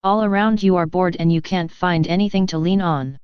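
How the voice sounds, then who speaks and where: A woman voicing a gentle, consoling male divine speaker in a calm, tender, instructive way. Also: on the low side, a little fast, clear, resonant tone, dry recording, highs cut off, lightly acted.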